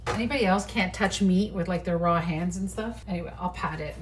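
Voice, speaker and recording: A middle-aged woman chats away while she cooks, swearing freely and talking straight to the camera. Her voice comes from a phone on a tripod across the kitchen, a little distant and set against steady background noise. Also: fairly low pitch, fairly quick. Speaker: home cooking vlogger. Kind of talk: casual kitchen vlog chat. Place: home kitchen.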